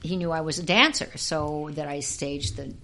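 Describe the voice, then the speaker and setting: Lively older woman telling showbiz stories. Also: low voice, normal speed, slight background noise. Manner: lively storyteller who acts out quoted voices and laughs often. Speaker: interview guest, former actress and dancer. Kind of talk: casual anecdotal storytelling.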